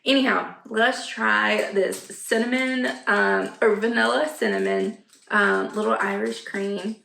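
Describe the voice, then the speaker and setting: A chatty woman in her thirties with a drawl talks casually at home, gushing over things with plenty of fillers. Her voice has a gravelly fry to it, and the room rings with echo. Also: mid-range voice, steady tone, unhurried, fairly bright tone, slight background noise. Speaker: vlogger. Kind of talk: casual chat. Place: home, indoors.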